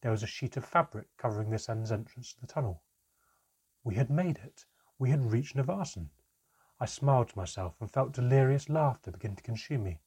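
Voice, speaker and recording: A man narrating a storybook chapter in a steady, measured reading. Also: mid-range voice, breathy edge.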